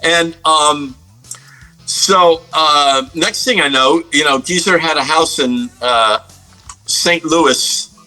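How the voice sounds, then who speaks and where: A man's voice: fairly high pitch, slow, sharp tone, soft background music, poor audio. A middle-aged man from the United States, a guest guitarist telling stories in a casual interview, rambling with many fillers and restarts.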